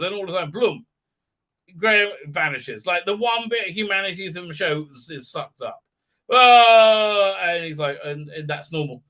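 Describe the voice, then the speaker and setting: A man's voice: on the high side, normal speed, pushed and bright. A man recapping a show on a live stream, mocking it and acting out the characters in silly voices, with many fillers.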